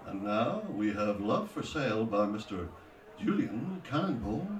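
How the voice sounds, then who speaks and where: A man voicing a smooth male radio DJ announcing the next record. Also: fairly low pitch, big pitch swings, unhurried, voice pushed down. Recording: roomy echo, distant from mic.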